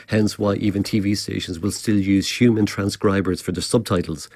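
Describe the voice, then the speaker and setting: Irish man, radio guest, low voice, dry sound, explanatory, restarts. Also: fairly even intonation, normal speed, darkish tone, no echo. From Galway, Ireland. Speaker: cybersecurity professor, guest. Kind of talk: radio interview.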